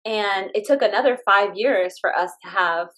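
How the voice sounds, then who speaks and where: A woman in her thirties, a guest telling her family story in a lively way, laughing often and acting out what others said. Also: medium pitch, normal speed. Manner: animated, laughing often, acts out quotes. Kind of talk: casual storytelling interview.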